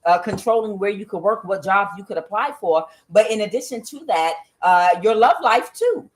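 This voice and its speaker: A woman's voice: mid-range voice, expressive, normal speed. Blunt, profane woman ranting casually. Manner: blunt, profane, laughs often, many fillers. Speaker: tarot channel host. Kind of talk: casual commentary monologue.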